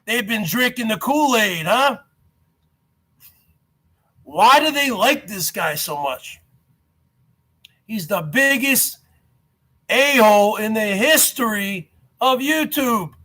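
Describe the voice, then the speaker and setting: A man hosting his own online show, delivering a loud, mocking rant to his viewers and repeating phrases over and over. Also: high-pitched, lively intonation, takes it slowly, pauses often. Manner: mocking, loud and repetitive, often addresses "folks". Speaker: YouTube show host. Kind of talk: ranting commentary to viewers.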